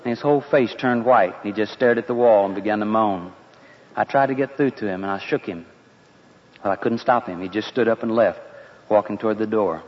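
A man's voice: on the low side, a little fast. A man telling a dramatic story in the first person, in an earnest, conversational way. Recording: dull lo-fi with long reverb.

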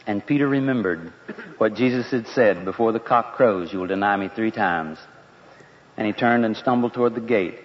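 A man telling a dramatic story in the first person, in an earnest, conversational way. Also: fairly low pitch. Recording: dull lo-fi with long reverb.

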